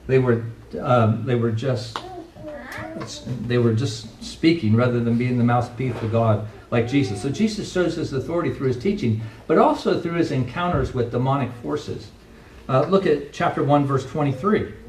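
A middle-aged pastor preaching a sermon with earnest, emphatic delivery, recorded from a distance in a church sanctuary. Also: male voice, a little high. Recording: echoey room, voice from a distance.

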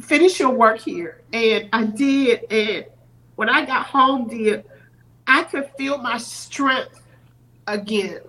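A woman's voice: on the high side, slow pace, a bit bright, low-quality recording. A middle-aged woman on a podcast, telling a personal story earnestly and teary-eyed, acting out what others said. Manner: earnest, acts out quoted voices. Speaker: podcast guest. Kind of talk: emotional storytelling.

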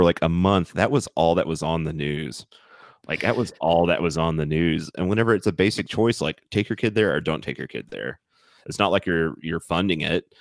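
A man's voice: low voice, no echo. A young American man co-hosting a podcast, chatting casually and animatedly, swearing and laughing often. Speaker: podcast co-host.

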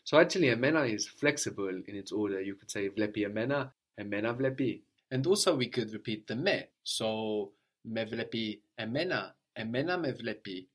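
A man's voice: lowish voice, animated, moderate pace. A man teaching a language lesson, patiently prompting his student with questions and explaining grammar.

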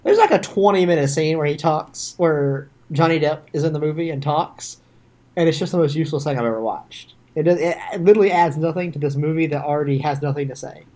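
A young man co-hosting a podcast, talking in a loose, casual way. His voice sits a little high for a man, and he slips into dry, sarcastic deadpan jokes. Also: fairly quick. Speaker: podcast co-host.

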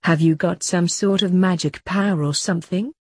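A woman voicing the ghost of an eighteenth-century highwayman, huffy and put-upon, in a read-aloud story. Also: fairly even intonation, moderate pace, darkish tone, breathy edge, dry recording, studio quality. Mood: exasperated. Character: ghostly 18th-century male highwayman, frustrated and weary.

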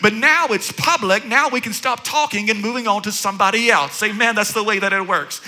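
A man's voice: sits high, bright, forceful tone. A man preaching a sermon, repeating phrases rhythmically, calling out to his listeners and joking with them. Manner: rhythmic repetition, call-and-response exclamations, joking asides. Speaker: pastor.

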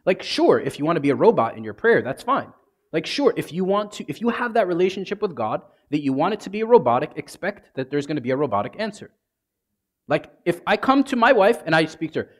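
A man's voice: on the high side, big pitch swings, fast. A man, a priest, giving a conversational sermon and acting out prayers in everyday speech.

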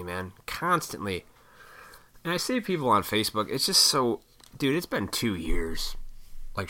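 A man ranting casually and profanely, mocking people with put-on high voices. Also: pushed and bright. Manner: profane, sarcastic, mocks others in high voices. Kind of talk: casual rant.

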